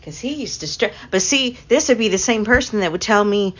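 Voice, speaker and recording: A woman's voice: medium pitch, lively intonation, brisk, fairly bright tone, a little hiss or hum. A middle-aged woman chats away to her live-stream viewers. She laughs often and talks straight to the chat in a mid-range voice. The stream audio is dull and lo-fi. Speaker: livestream host.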